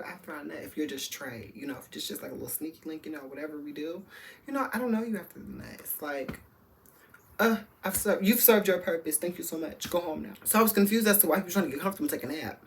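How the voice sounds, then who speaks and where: A man's voice: a little high, very animated, quick pace, creaky. A man vlogging a candid storytime, campy and sassy, speaking straight to his viewers in loose slang. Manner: campy, sassy, full of slang and frank talk to the audience.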